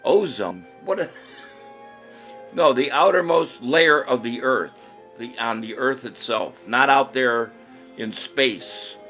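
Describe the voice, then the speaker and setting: The trivia show host speaks slowly but animatedly, his medium-pitched voice pushed and bright, with faint music behind him. Running a casual live stream, he rambles, cracks jokes, laughs frequently, and reads commenters' answers aloud.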